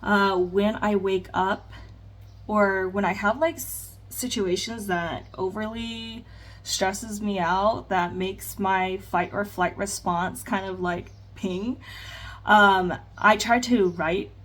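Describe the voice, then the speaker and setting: A woman's voice: mid-range voice, steady tone, takes it slowly, fairly bright tone. A woman chatting candidly in a get-ready-with-me vlog, rambling with plenty of fillers while doing her makeup at home. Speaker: vlogger. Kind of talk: casual get-ready-with-me chat.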